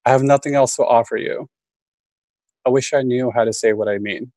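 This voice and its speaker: An MFA student reader delivers his own list poem in a brisk, steady, medium-pitched voice with a slightly mellow tone, keeping it understated and dry. There's no echo, though the recording is low quality.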